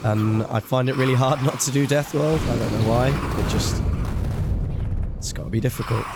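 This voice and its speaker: A man talks his way through a game on a live stream, wandering between thoughts and poking fun at himself. His pitch sits in the ordinary middle range. A steady hiss of background noise runs under the voice. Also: moderate pace. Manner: rambling, self-deprecating chatter while playing. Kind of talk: casual live-stream commentary.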